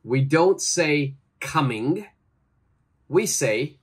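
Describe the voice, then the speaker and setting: Man, english teacher, slow careful drills, husky voice, pitch rising and falling a lot. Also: big pitch swings, a bit bright. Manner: deliberate, exaggerated pronunciation with encouraging praise. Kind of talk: slow, clear teaching with repeat-after-me drills.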